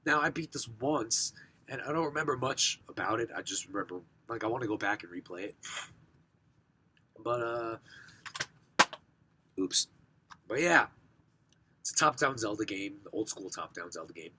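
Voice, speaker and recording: Casting: hoarse young guy, low and very bright, rough smoker-ish rasp, rambling game-collection vlog, faint noise. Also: expressive, normal speed, pauses often. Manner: rambling, self-correcting, frequent throat clearing. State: hoarse from recovering sickness. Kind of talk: casual collection showcase.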